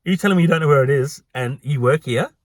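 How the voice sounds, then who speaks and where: A man's voice: on the high side, quick pace, dry recording, clean studio sound, lightly acted. A man putting on a rude condescending woman customer. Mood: indignant. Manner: condescending, indignant.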